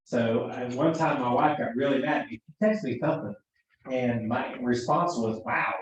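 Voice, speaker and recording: A mid-range male voice at a moderate pace belongs to an EMT instructor recounting work stories in a chatty way, voicing the quoted lines himself. It's recorded in an echoey room, far from the microphone, with a dull quality.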